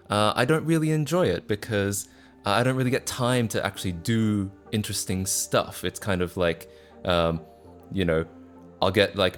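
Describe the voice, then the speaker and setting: Streamer, 20s, low voice, mixed Aussie-British-American accent, loose rambling chat, faint music under. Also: male voice. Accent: mixed Australian, British and North American. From Australia. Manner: rambling, many fillers and restarts. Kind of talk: casual livestream chat.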